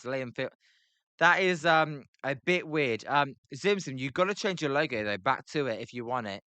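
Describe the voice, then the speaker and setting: A British man calls a baseball game live from his computer, reading viewer chat between pitches. His voice is bright and crisp, sitting slightly high, with a loose, scattered delivery full of filler ums and self-deprecating jokes. The sound is dry and close. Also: animated, measured pace, no room sound. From Britain. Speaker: live play-by-play streamer.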